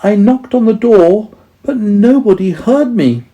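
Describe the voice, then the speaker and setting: A man's voice: sits high, lively intonation, a little slow, dark tone, pitched above the performer's own voice. A shy little storybook mole stammers out an apology in a raised, small voice, as a man reading aloud plays him. The delivery is hesitant and polite. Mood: apologetic.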